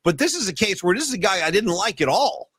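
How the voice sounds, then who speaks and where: A man with a high, lively voice hosts a casual sports chat and tells stories with bursts of emphasis. The sound is close and dry, with no room around it. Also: quick pace, slightly rough, no echo. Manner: animated, storytelling, swings pitch high for emphasis. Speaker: podcast co-host.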